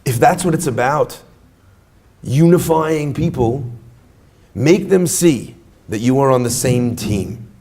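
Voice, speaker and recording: A man with a mid-range voice speaks slowly, pausing often, as he gives an inspirational talk to an audience at a retreat. He's an animated storyteller who jokes with the crowd.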